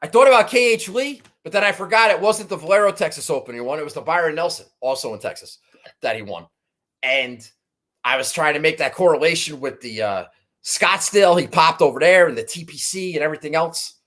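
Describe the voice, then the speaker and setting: High-voiced profane golf-picks man. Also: animated, fairly quick, fairly bright tone. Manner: profane, rambling, self-mocking. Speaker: golf betting podcast host. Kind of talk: casual chat.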